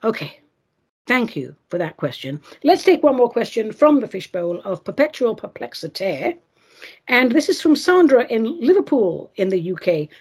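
Lady host going off on a sarcastic rant, breathy voice, all over the place in pitch. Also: big pitch swings, normal speed, darkish tone. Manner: sarcastic, ranting, scornful. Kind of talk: opinionated commentary show.

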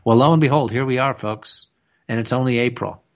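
A man's voice: mid-range voice, fairly quick, lo-fi sound. A man co-hosting a radio talk show, speaking in a rambling, conversational way with many restarts. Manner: rambling, frequent restarts and filler phrases.

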